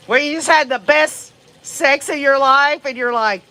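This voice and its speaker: Blunt, bright-voiced woman host. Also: high voice. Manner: blunt, profane and emphatic, talks straight to viewers. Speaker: livestream host reading viewer comments. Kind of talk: casual true-crime commentary.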